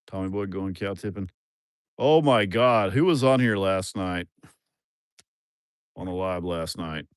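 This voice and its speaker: Man, low voice, folksy rambling livestream chat, dry close sound. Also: a little slow, clear, resonant tone, no echo. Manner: rambling, folksy, with bursts of loud excitement. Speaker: livestream host.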